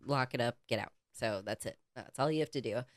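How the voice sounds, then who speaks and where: A woman co-hosting a podcast, telling a story in casual, animated chat and swearing freely. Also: very deep voice, a little fast, no echo, studio quality. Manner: animated, profane, acts out quoted people. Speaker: podcast co-host.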